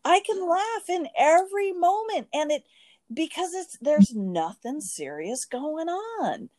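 Brief: giggly female host, high voice with big swings, dry close sound. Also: slow, dry recording. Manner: giggly, lively storyteller. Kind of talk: casual chat on a video call.

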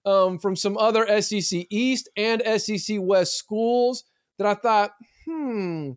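A man co-hosting a casual sports podcast, opinionated and animated, with many fillers and restarts. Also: high-pitched, unhurried, clean tone, no echo, studio quality. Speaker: podcast co-host.

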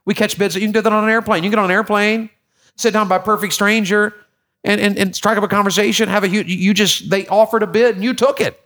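Man, high voice, folksy preacher who jokes with his flock and repeats himself. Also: steady tone, fast talker, a bit bright. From Tennessee, USA. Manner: folksy, joking with congregation, repeats words. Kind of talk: sermon.

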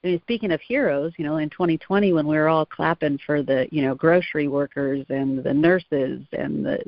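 A woman's voice: deep voice, no echo. Woman guest on a podcast, thoughtful, laughs a lot, bit muffled dry audio. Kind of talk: casual interview chat. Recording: dull, dry sound.

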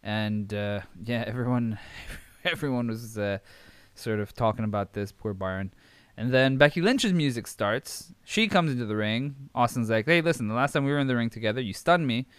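Young male podcast host, casual rambling recap style, clear voice, dead-dry recording. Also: fairly low pitch, no room sound. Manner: rambling, filler-heavy, amused.

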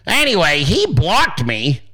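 A man hosting a podcast, ranting in a casual, sarcastic and profane way with loud outbursts. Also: on the high side, huge pitch swings, takes it slowly. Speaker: podcast host.

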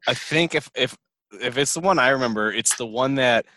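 A man's voice: medium pitch, fairly quick, bright, forceful tone, no echo. A man hosting a casual podcast interview, reading out listener questions and laughing easily along with his guest. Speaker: podcast host.

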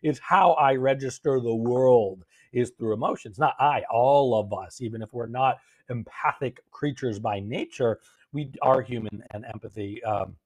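A man hosting a live-streamed gratitude session on a phone, gently coaching viewers and answering their comments. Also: mid-range voice, moderate pace.

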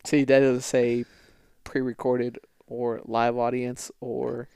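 Teasing man podcaster, clear voice. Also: medium pitch, monotone, slow pace, a little mellow, dry recording. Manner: teasing, blunt, swears casually. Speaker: podcast co-host. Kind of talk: casual podcast chat.

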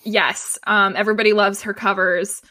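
A young woman co-hosting a podcast, recapping an episode in an enthusiastic, excitable casual chat. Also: mid-range voice, normal speed. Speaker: podcast co-host.

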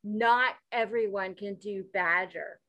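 A woman co-hosting a podcast, playful and excitable in casual comedic chat. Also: mid-range voice, takes it slowly, no echo. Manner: playful, excitable, exclaims often. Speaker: podcast co-host.

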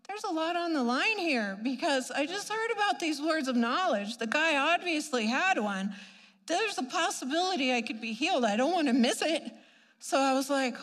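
A woman giving an animated personal healing testimony, acting out her own reactions and laughing often as she tells it. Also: sits high, normal speed, long reverb tail. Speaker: speaker sharing a healing testimony.

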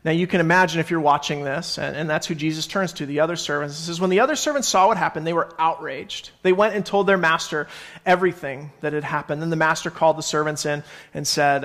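A man's voice: fairly high pitch, fast, fairly bright tone. A young adult man giving a conversational sermon as pastor, reading scripture and stopping to explain it. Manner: conversational, self-correcting, reads scripture aloud.

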